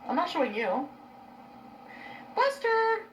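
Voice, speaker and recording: A woman's voice: medium pitch, moderate pace, background noise. A woman on a casual livestream who rambles and talks to her chat and her pets.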